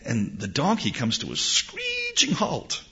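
A man preaching in an animated sermon-storytelling style, often repeating words as he restarts. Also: on the high side, a little slow. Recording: dull lo-fi recording.

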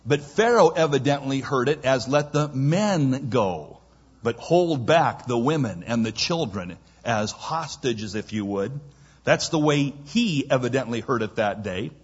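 Husky-voiced preacher, slow and deliberate. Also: male voice, medium pitch, animated, muffled recording. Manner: reads scripture, then retells it in casual speech; dramatic, acts out quoted lines. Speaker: pastor. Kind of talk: expository sermon.

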